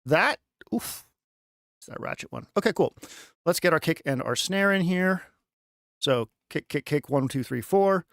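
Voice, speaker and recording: A man casually talking through a music production tutorial on a live stream, chatty and thinking out loud with lots of fillers. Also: on the high side, expressive, unhurried, long pauses, no echo, studio quality. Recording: music playing underneath.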